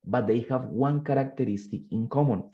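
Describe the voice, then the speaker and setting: A man's voice: mid-range voice, fairly quick, highs cut off. A male English teacher, giving a bilingual classroom lesson and quizzing his students. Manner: switches between English and Spanish, quizzes students.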